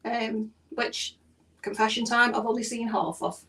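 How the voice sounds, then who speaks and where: A woman's voice: on the high side, little pitch movement, a little slow, pushed and bright. A woman hosting a casual podcast, chatty, reading out news items with her own asides. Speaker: podcast host. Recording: distant mic.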